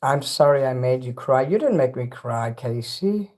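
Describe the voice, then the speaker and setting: A man's voice: medium pitch, lively intonation, normal speed, a little mellow. Rambling, swearing man livestreaming. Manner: rambling and profane, talks straight to chat. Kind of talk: casual livestream chat with viewers. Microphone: phone.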